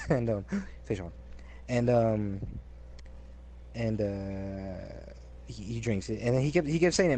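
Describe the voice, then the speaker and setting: Animated young man telling stories. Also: mid-range voice, moderate pace, long pauses. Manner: animated storyteller, repeats words, acts out quotes loudly. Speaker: co-host telling work stories. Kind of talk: casual chat.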